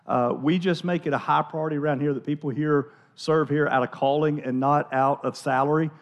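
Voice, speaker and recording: A man's voice: a little high, fairly even intonation, fairly quick. A man preaching a sermon as pastor in a church, chatty and conversational, often restarting and repeating words.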